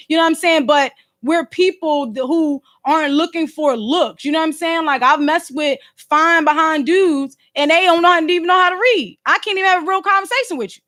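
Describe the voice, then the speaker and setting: Brisk and barely pausing, a high-voiced woman from Philadelphia chats on a phone livestream. She hosts a podcast and streams, speaking loudly and emphatically with slang, rhetorical asides, and the occasional snap.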